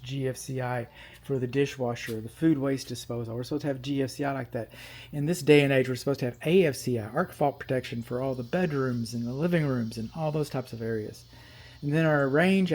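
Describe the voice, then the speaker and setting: A man's voice: medium pitch, darkish tone. A middle-aged man, a home inspector, talking his way through an electrical panel inspection, repeating points and coaxing himself along. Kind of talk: on-site inspection walkthrough.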